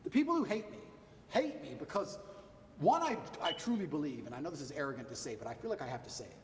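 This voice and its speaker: A man's voice: fairly high pitch, very animated, quick pace, echoey room, in a large hall, far from the mic, slight background noise. A man giving an interview, boastful and emphatic, hammering his points in short repeated lists. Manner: emphatic, repetitive punchy lists. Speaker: interview guest.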